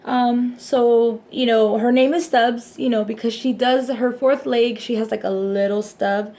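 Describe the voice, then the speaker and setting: A woman's voice: on the high side, steady tone, unhurried, warm tone. A young woman chatting casually in a personal vlog, rambling and laughing often as she talks. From Hispanic background, raised in the US.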